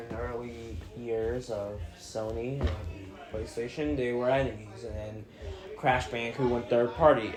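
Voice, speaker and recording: A teenage boy giving casual, profane video commentary, excitable and prone to sudden outbursts. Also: medium pitch. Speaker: gaming video creator.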